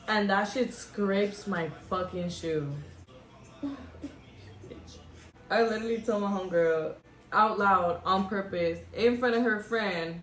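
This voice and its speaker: A young woman telling a brash, profane, animated story while getting ready, vlog style. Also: medium pitch. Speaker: vlogger. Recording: echoey room with background noise.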